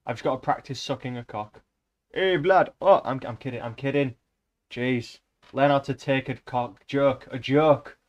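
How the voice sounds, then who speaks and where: A man's voice: medium pitch, lo-fi sound. A man streaming a casual read-aloud of a novel, breaking off into rambling, joking asides between passages.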